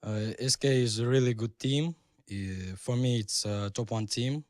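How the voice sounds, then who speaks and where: Russian-accented pro player, deep, slow, halting English, dry close mic. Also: male voice, fairly even intonation, a little mellow, no echo. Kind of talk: post-match interview.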